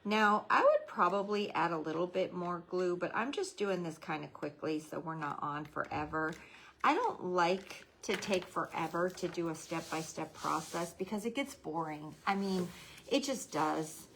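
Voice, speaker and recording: A woman's voice: fairly low pitch, animated, normal speed, gravelly, fairly bright tone, a little hiss or hum, rough recording. A middle-aged woman hosting a live craft tutorial, chatting and greeting viewers by name while keeping her voice down so a baby can sleep. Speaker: craft livestream host.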